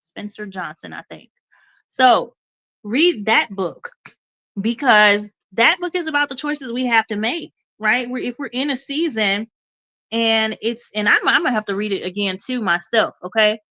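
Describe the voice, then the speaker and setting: A woman's voice: a little high, animated, normal speed, pushed and bright, highs cut off. A woman hosting a radio show, giving an encouraging motivational talk and calling her listeners y'all, a little stuffy. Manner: encouraging, addresses listeners as y'all, repeats okay.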